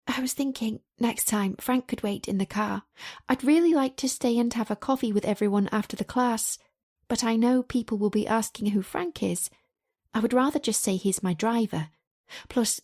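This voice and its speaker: Woman reading a romance audiobook, warm mellow tone, chatty and personal. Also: a little high, moderate pace. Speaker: audiobook narrator. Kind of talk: first-person audiobook narration.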